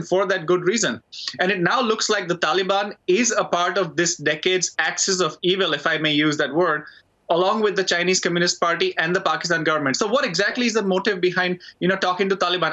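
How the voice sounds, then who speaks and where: A man with an Indian English accent arguing a point as a debate panelist, measured and insistent. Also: high voice, pushed and bright. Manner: measured argument, pleading to be let in. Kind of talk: heated TV debate. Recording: dull remote line.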